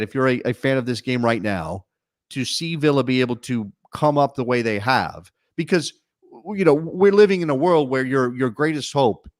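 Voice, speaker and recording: A man co-hosting a soccer talk show, talking in an animated, wry way with many quick restarts. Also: medium pitch, no echo, clean studio sound. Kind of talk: casual sports talk.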